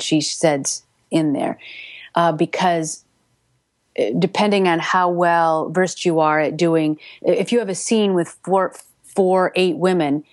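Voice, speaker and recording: A woman who narrates audiobooks, talking in a chatty, animated way with many restarts during an interview. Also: lowish voice, no room sound. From United States. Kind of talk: casual interview.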